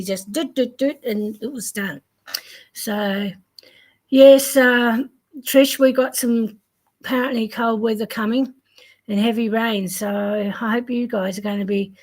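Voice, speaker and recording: A woman's voice: fairly high pitch, slightly rough. An older Australian woman hosting a casual crochet livestream, chatting and laughing as she greets viewers. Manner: chatty, rambling, laughs often. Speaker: livestream crochet channel host.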